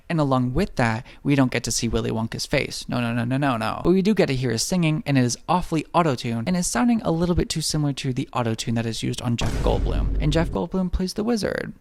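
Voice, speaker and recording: A man's voice: medium pitch, creaky, dry recording. A man giving a comedic, sarcastic movie recap, slipping into put-on voices for the characters. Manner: sarcastic, rapid-fire jokes with put-on quote voices.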